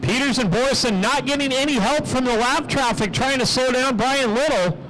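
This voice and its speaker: A man announcing a live race at an outdoor speedway, calling the action excitedly and joking with drivers. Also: very high voice, normal speed, slight background noise, low-quality recording. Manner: excitable play-by-play, jokey with drivers. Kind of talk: live race commentary and interviews.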